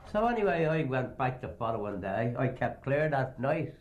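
An older man reminisces about old pranks in a rambling, anecdotal way. His pitch sits squarely in the ordinary male range, and he slips into the voices of the people he quotes. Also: very animated, moderate pace, highs cut off. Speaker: storyteller. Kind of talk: oral history reminiscence.

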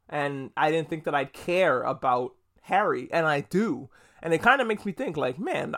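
A man talking through a movie review in a casual, enthusiastic way, swearing freely and drifting off on tangents. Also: on the high side. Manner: chatty, profane, wanders off on tangents; enthusiastic, lively delivery. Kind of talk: casual spoken film review.

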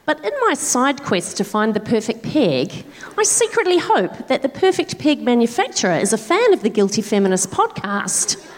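A woman co-hosting a live comedy show on a theatre stage, tossing off dry, quick-witted quips. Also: on the high side, sing-song. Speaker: comedy podcast co-host.

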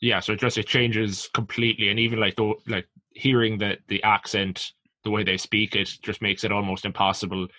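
A man's voice: lowish voice, level tone, a little fast, sharp tone, no room sound. An Irish man in his twenties co-hosting a podcast, rambling loosely and saying "like" a lot. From Ireland. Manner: loose and rambling, heavy use of "like". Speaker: podcast co-host. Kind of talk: casual podcast chat.

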